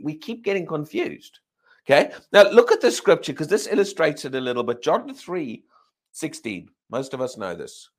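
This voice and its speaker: A man preaching a sermon at a church service, animated and firing questions at the congregation. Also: on the high side.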